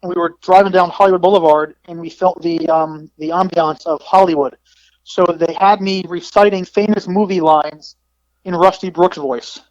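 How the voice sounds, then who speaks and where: High-voiced middle-aged storyteller man. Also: normal speed, no echo. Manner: animated storyteller with restarts. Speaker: wrestling promoter guest. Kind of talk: casual storytelling. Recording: dull, dry lo-fi audio.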